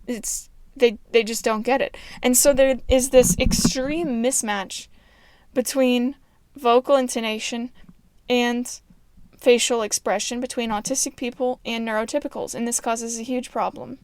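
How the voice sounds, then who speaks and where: A woman speaking in a naturally flat, even tone, earnest and explanatory in a casual solo monologue. Her voice sits a little high and sounds smooth and clear, recorded close in a dry space. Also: measured pace, no echo. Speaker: podcaster.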